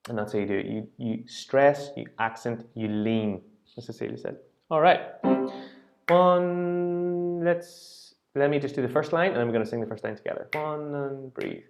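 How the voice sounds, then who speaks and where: A man's voice: mid-range voice, steady tone, moderate pace, soft background music. A man teaching a singing lesson, patiently explaining rhythm and singing short phrases to demonstrate.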